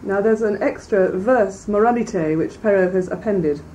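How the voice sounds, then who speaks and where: A woman reading a classic fairy tale aloud in a measured, clear way, then commenting on it as a lecturer. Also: mid-range voice, mellow. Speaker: reader and lecturer. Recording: distant mic, faint background noise.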